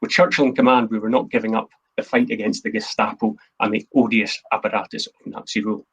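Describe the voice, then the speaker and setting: A man's voice: lowish voice, little pitch movement, fast, breathy edge, low-quality recording. A man, the host and a historian, giving an earnest, emphatic history talk from his notes. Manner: earnest, emphatic, quotes speeches in a plain voice.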